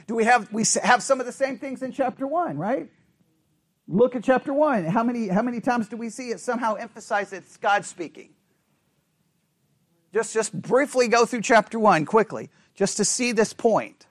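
Male Bible study leader, strikingly high voice, quizzes the class and drums points home by repetition. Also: moderate pace. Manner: asks the group questions, repeats phrases for emphasis. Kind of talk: interactive Bible study lesson.

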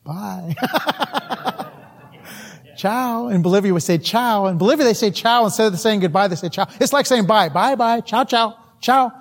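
A man's voice: sits high, normal speed. A middle-aged man preaching a sermon, telling folksy stories about himself and laughing at his own mishaps. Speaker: missionary preacher.

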